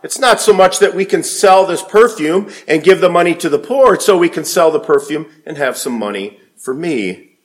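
A man preaching a sermon, swinging from quiet low passages to emphatic raised peaks. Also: expressive, moderate pace. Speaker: pastor.

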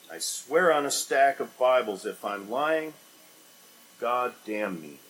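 A man preaching an expository sermon, rising to loud emphatic bursts and dropping to quiet, low scripture reading. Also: expressive, slow pace, rough recording.

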